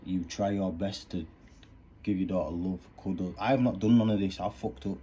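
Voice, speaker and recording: A man's voice: low-pitched, steady tone, moderate pace, mellow, a little hiss or hum. A man, talking earnestly in rambling street slang about fatherhood. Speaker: vlogger. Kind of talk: candid monologue.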